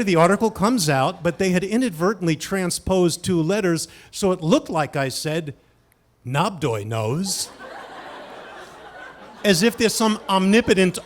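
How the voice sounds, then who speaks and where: A man telling a funny personal story on stage, self-mocking and lively, dropping to hushed asides and rising to shouted punchlines. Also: high voice, normal speed, few pauses, a little hiss or hum. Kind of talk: live comic storytelling.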